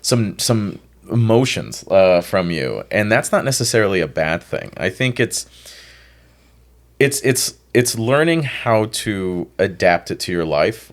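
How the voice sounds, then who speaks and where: A man working as a life and love coach, giving relaxed, reflective advice on a podcast and often saying "like". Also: deep voice.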